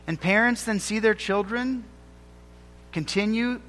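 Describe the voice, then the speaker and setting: A man preaching a sermon as pastor, emphatic, slowing down to stress key phrases. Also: high-pitched, a bit bright, in a large hall.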